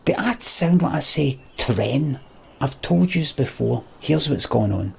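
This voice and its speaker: Raspy gravelly Scottish man ranting. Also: mid-range voice, animated, unhurried. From Scotland. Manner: sweary, mocking, emphatic. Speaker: streamer. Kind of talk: ranting monologue.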